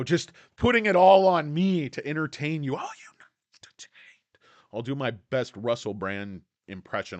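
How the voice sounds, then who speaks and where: A man's voice: medium pitch, no room sound. A man hosting a casual stock livestream, talking bluntly and joking with chat viewers between points. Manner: blunt, brash, jokey, greets chat viewers. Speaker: livestream host.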